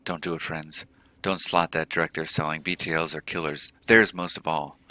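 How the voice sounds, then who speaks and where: A man's voice: extremely low pitch, little pitch movement, normal speed, pushed and bright, no echo. A man voicing a weary woman in her thirties who pleads with strangers in a warning tone. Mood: grieving.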